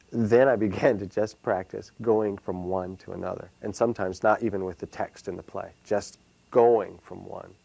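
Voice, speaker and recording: A man with a gravelly, creaky voice answers interview questions, pausing often and restarting his sentences. The sound is dry and close. He speaks casually, thinking aloud as he goes. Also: sits low, a little mellow, no room sound, lo-fi sound. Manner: hesitant, many fillers and restarts. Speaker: solo performer and playwright.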